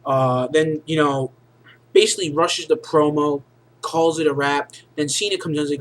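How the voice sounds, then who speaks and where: A man's voice: fairly high pitch, steady tone, normal speed, rough recording. A man giving a casual recap of a wrestling show, rambling and leaning heavily on fillers like "you know" and "basically".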